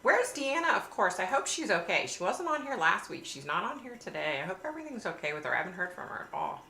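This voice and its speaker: A woman's voice: mid-range voice, sing-song, quick pace, sharp tone. A woman hosting a casual livestream, chatting and reading viewer comments aloud. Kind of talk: casual live chat. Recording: echoey room with faint hiss.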